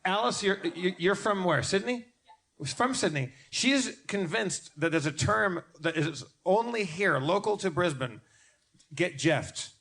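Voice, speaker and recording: A man's voice: sits high, lively intonation, a little slow, a bit bright. A man co-hosting a live comedy podcast on stage, stammering through restarts and cursing freely. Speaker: podcast co-host. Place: live stage before an audience. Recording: live show with audience noise.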